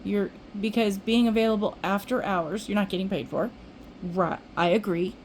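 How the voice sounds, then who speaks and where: A woman's voice: medium pitch, fairly even intonation, normal speed, a little mellow, a little hiss or hum, rough recording. An older woman vlogging, telling a rambling everyday story in casual chat with restarts. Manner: chatty, rambling, with restarts and acted-out quotes.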